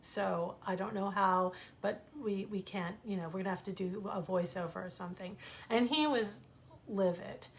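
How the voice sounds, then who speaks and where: Middle-aged american woman spinning a yarn at home, chatty, mid-pitched, does little voices for people. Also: moderate pace, a little hiss or hum. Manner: chatty, animated, acts out quoted voices. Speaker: author reading stories online. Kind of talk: casual storytelling.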